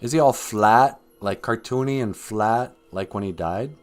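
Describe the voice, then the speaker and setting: A man's voice: on the low side, unhurried, soft background music. A man hosting a rambling comedic livestream, joking with his chat and laughing at his own jokes. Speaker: livestream host.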